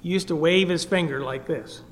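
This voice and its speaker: A man from Canada preaching an earnest gospel sermon, pleading with his listeners and swinging between loud and soft. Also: a little high, moderate pace, long reverb tail, slight background noise. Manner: earnest, pleading, rises and drops in volume. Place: meeting hall.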